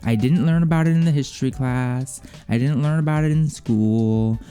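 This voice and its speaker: A young man chatting casually in a vlog, swearing freely, with quick asides and acted-out quotes. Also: medium pitch, dark tone, clean tone. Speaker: vlogger. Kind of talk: casual shelf-tour vlog.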